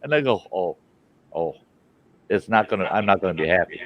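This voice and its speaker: A man's voice: deep voice, animated, a little fast. A middle-aged man hosting a live stream, telling a long, profane story and acting out the other people's voices. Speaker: host. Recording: dull lo-fi stream audio.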